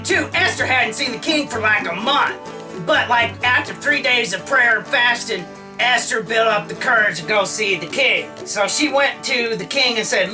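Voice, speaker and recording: A man's voice: very high voice, far from the mic, poor audio. A man casually retelling an old story in a slangy, comic way, often acting out the characters' lines. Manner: slangy, full of "like", acts out lines.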